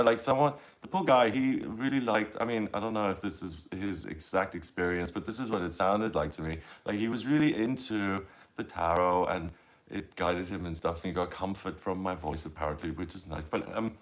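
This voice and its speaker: A man's voice: on the low side, moderate pace. A middle-aged man chatting casually on a livestream, rambling, confessional and laughing at himself as he reads out viewer comments. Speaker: tarot reader livestreaming.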